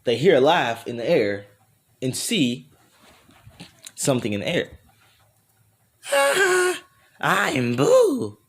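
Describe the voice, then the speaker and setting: A man's voice: medium pitch, expressive, a little slow, pauses often, breathy edge. A man casually improvising a fan story aloud, rambling and self-correcting as he goes and laughing at his own voices.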